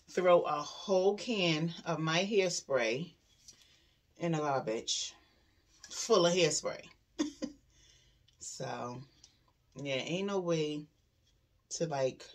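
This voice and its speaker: A young woman talks straight to camera in a loose, profane vlog rant. Her voice sits a little low, swinging between heated venting and hushed asides. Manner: frustrated venting, profane and animated, drops to quiet asides. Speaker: vlogger. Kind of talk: casual vlog talk to camera.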